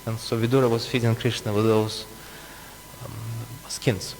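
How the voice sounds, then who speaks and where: In a temple hall, a man leads a scripture class at a moderate pace, his medium-pitched delivery flat even as he slips in asides and frequent chuckles. Long reverb and a faint hum run through the recording.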